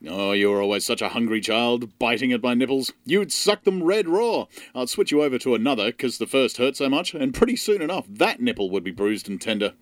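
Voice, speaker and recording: A man voicing a deep-voiced, crude mother who overshares on the phone in a comedy sketch. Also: animated, a little fast, few pauses, no room sound, clean studio sound, natural voice. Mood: doting crude. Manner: doting, oversharing, crude homespun talk.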